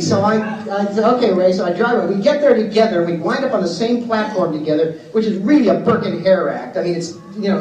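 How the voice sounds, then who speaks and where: A man giving a comic roast introduction at a conference, firing off wisecracks and tall tales at a rapid clip. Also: high voice, far from the mic. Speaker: emcee introducing the speaker. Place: conference hall stage with PA. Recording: echoey hall taped from the audience on cassette, loud hiss.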